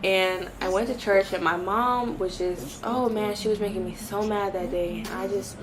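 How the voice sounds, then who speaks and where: A woman's voice: mid-range voice, normal speed, over music. Young woman telling a faith story. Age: early 20s. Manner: animated, talks straight to viewers. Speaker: vlogger sharing a faith testimony. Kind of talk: personal testimony storytelling.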